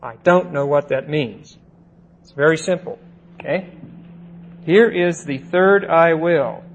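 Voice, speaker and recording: A man teaching the Bible verse by verse, deliberate, stressing single words and checking in with "see?" and "okay?". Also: on the high side, lo-fi sound.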